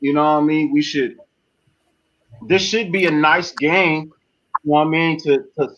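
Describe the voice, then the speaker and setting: Laid-back sports stream host, dull audio. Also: male voice, on the high side, fairly even intonation, normal speed, a bit bright. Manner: laid-back, says "you know what I mean" a lot. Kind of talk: casual sports chat.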